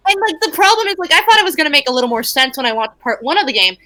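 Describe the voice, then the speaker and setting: High bright swearing woman. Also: very animated, racing. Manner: profane, exasperated venting. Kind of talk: casual chat while drawing on stream.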